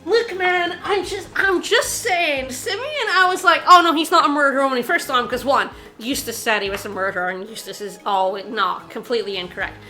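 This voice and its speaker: A woman streams a video game and talks her viewers through it in a high, bright voice. She is excitable and insistent, repeats herself and laughs often. Faint game music plays behind her. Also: normal speed, few pauses. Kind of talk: casual game commentary to chat.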